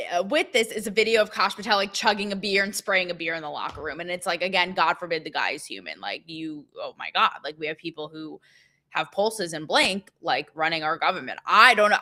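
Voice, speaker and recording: A young woman hosting a casual opinion show, chatty and sarcastic, with many fillers and quick asides. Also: fairly low pitch, pushed and bright. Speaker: show host.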